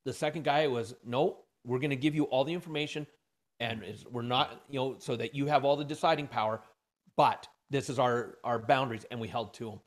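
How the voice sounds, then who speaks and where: Animated man telling a story. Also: medium pitch, a little fast. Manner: animated storyteller, acts out dialogue. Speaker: podcast guest.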